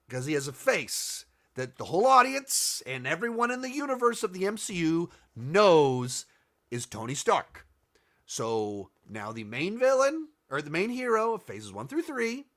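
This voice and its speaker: A man hosts a loose commentary video, answering viewer questions. His voice sits a little high. He thinks aloud, restarts his sentences often and turns sarcastic at times. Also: huge pitch swings, unhurried, a bit bright. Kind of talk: casual commentary.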